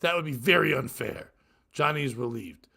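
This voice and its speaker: A man's voice: mid-range voice, moderate pace, creaky, bright, forceful tone, husky. A man co-hosting a crude comedy podcast, reading joke after joke and breaking into cackling laughs. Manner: cackling laughs, reads jokes aloud. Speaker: podcast co-host.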